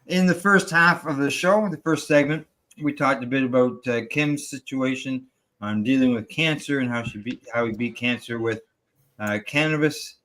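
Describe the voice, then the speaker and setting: Give me a man hosting a radio talk show, easygoing and unscripted, average pitch. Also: normal speed, fairly bright tone. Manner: loose, ad-libbed introductions with frequent uh fillers.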